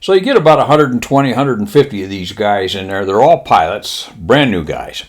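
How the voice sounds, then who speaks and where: A man's voice: on the low side, big pitch swings, brisk. Man telling a rambling comic war story. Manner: rambling, with fillers and asides. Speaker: show host.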